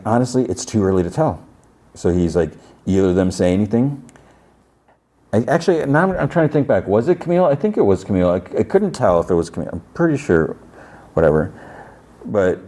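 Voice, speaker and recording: Very low-voiced man recapping casually. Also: dark tone. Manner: rambling, filler-heavy retelling with quoted dialogue. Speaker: podcast host.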